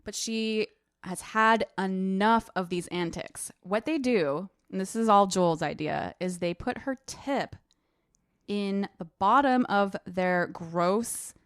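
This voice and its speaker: Chatty giggly woman podcast host, mid pitch, dry close sound. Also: takes it slowly, smooth, no room sound. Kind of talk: casual book discussion.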